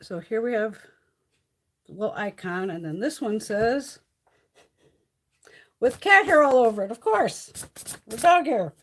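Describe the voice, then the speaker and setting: A woman's voice: on the high side, expressive, measured pace, long pauses. A middle-aged woman chatting casually and profanely on a beauty live stream, laughing often.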